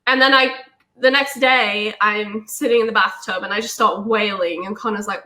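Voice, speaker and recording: Bright-voiced young woman telling a ghost story. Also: moderate pace. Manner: excitable, acts out quotes in a high voice. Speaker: guest, paranormal investigator. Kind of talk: casual storytelling on a talk show.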